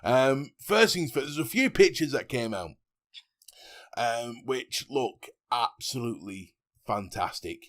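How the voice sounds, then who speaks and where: A man's voice: medium pitch, lively intonation, a little slow, fairly bright tone. A man co-hosting a casual gaming podcast, jokey and laughing often. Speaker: podcast co-host.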